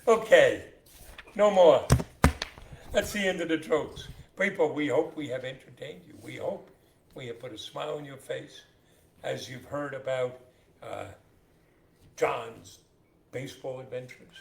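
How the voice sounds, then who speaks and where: A man's voice: mid-range voice, measured pace, vocal fry, long pauses. A man co-hosting a podcast, telling jokes in casual banter and acting out the characters in them. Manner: animated storyteller who acts out joke characters. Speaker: podcast co-host. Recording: roomy echo with faint hiss.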